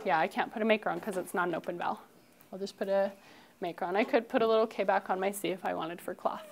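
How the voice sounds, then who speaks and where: A young woman teaching a phonics lesson to first graders in a classroom, upbeat and encouraging, slowly drawing out words as she models them. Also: medium pitch, expressive, vocal fry. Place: elementary classroom.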